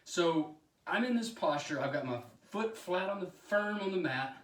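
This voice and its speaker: A man chatting casually while demonstrating yoga poses, out of breath and often clearing his throat, self-deprecating about his flexibility. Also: sits high, expressive, moderate pace, a bit bright. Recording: echoey room, voice from a distance.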